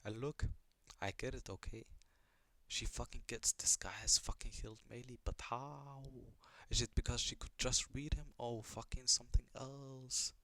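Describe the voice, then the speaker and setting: A man's voice: medium pitch, fairly even intonation, normal speed, pushed and bright, dry recording. Profane rambling young man reacting to anime. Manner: profane, rambling, puzzled questions, laughs a lot. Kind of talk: casual reaction commentary.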